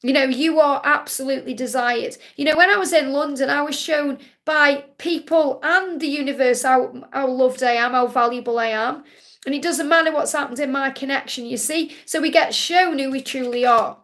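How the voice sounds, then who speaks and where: A woman with a high voice hosts a live-stream card-reading session and answers viewers' questions one after another. She speaks in a soothing, reassuring way and circles back to the same comforting phrases again and again. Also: moderate pace, a bit bright. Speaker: spiritual card reader hosting a live Q&A.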